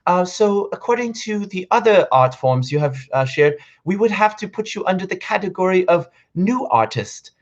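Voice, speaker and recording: A man's voice: high voice, expressive, slow, hardly any pauses, a bit bright, muffled recording, pitched above the performer's own voice, exaggerated voice. A man putting on a stiff, formal official voice. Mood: stiffly formal. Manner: overly polite, stiff and formal. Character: stiff formal male arts-council official on the phone.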